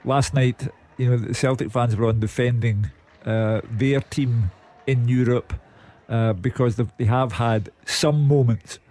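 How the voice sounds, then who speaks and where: A man's voice: medium pitch, unhurried, hardly any pauses, a little mellow. A man giving wry football punditry in a radio studio. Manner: dry, wry storyteller.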